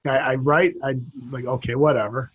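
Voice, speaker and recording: Husky man reading out funny sayings. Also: mid-range voice, fairly even intonation, normal speed, muffled recording. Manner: reads out funny sayings, chuckling, jumps into silly put-on voices. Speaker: podcast co-host. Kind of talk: casual comedic chat.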